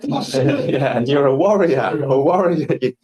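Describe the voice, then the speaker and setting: Crowd noise and low-quality audio surround this medium-pitched young man from Scotland as he runs a live public speaking workshop. He takes it slowly yet stays animated, doing voices for the characters in his stories.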